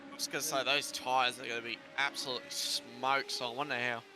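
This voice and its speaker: A man's voice: medium pitch, little pitch movement, fast, bright, forceful tone, soft background music. A man co-commentating a race, teasing and laughing with his partner.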